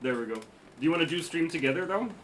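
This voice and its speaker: A man's voice: fairly high pitch, animated, racing, fairly bright tone, slight background noise. A man streaming a game, chatting casually, joking, swearing and laughing easily with friends. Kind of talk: casual chat while gaming on stream.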